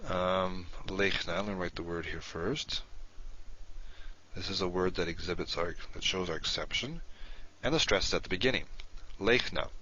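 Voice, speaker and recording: A man's voice: deep voice, normal speed, sharp tone, a little hiss or hum. A man teaching a grammar lesson, explaining rules patiently and thinking aloud as he writes on a board. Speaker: Hebrew teacher. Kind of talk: recorded lecture. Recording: dull lo-fi recording.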